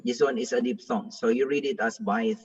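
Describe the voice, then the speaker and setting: A man's voice: medium pitch, fairly even intonation, brisk, breathy edge. A man, a pastor, teaching a Hebrew reading class and patiently drilling pronunciation with repeated examples, heard on a distant, dull classroom recording. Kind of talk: classroom lesson.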